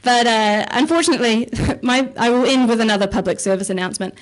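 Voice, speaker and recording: A woman's voice: a little high, fast talker. A woman performing a self-mocking stand-up set on a comedy club stage, chatty and casually swearing. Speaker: stand-up comic and researcher.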